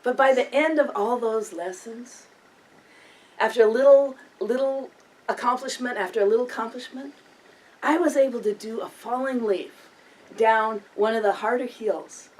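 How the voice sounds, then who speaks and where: A woman's voice: fairly high pitch, moderate pace, a little mellow. An older woman giving a humorous storytelling speech, often chuckling through her own anecdotes. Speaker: public speaker. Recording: distant mic with faint room ambience.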